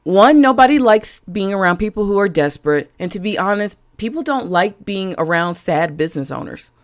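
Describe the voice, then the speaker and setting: A woman's voice: mid-range voice, expressive, moderate pace. Chatty woman coaching her viewers. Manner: chatty, direct, greets viewers by name. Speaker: business coach. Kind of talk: live-stream talk to viewers.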